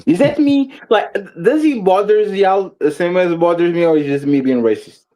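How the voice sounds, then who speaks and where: A man's voice: high voice, moderate pace, dark tone. A man with a Portuguese accent hosting a casual chat show, blunt and teasing with mock outrage. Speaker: show host. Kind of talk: casual banter.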